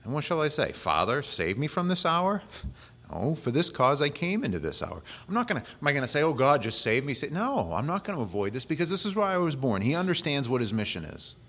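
A man's voice: fairly high pitch, big pitch swings, fairly quick, fairly bright tone. A male pastor preaching a sermon in a conversational way, with humorous asides.

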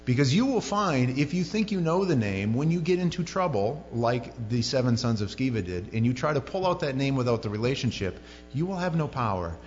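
A man's voice: mid-range voice, very animated, brisk, a little mellow, slight background noise. A male pastor preaching a sermon in a conversational, joking way with many asides. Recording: lo-fi sermon recording in a reverberant hall with faint music.

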